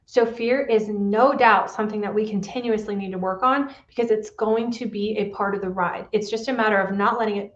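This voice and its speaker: A woman's voice: mid-range voice, roomy sound, dull audio. A woman pain specialist hosting a solo podcast, talking in an earnest coaching manner and often checking in with "right?".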